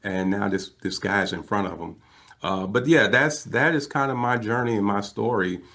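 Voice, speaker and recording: Low-voiced man telling his life story. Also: moderate pace. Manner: animated storyteller who acts out quoted voices; emotional, earnest. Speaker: interview guest. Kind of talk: personal storytelling in a talk show interview.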